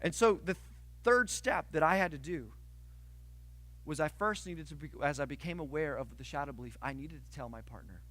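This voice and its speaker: Male pastor, high bright voice, dry close sound, animated sermon delivery with swings from loud to hushed. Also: moderate pace, no room sound. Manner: animated storytelling with sudden outbursts and hushed asides.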